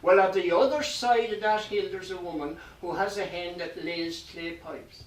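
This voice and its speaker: A man's voice: sits high, moderate pace, crowd noise. Man telling a nonsense folk tale. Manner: lilting nonsense-tale delivery with voiced exchanges. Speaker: storyteller. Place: hall with a live audience. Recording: echoey hall recorded from a distance.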